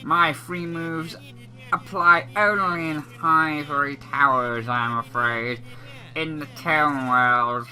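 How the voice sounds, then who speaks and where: A man voicing a scheming snake salesman in a game, talking in a drawn-out, salesy drawl. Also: medium pitch, pushed and bright, low-quality recording.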